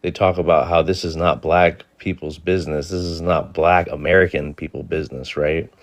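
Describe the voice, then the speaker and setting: Guy with a really low voice at a panel, stops and starts, then gets sharp. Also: steady tone, normal speed. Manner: hesitant, searching for words, then pointed and critical. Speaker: panel speaker. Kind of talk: open panel discussion.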